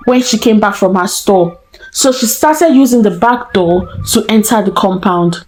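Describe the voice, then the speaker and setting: A woman storyteller narrating a folktale in a slow, deliberate way. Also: fairly high pitch, low-quality recording.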